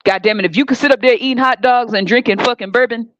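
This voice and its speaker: A woman's voice: a little high, fast, fairly bright tone, slight background noise. A woman hosting a podcast, giving a heated, sarcastic, profane monologue in a blunt manner. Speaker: podcast host. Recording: dull lo-fi dry recording.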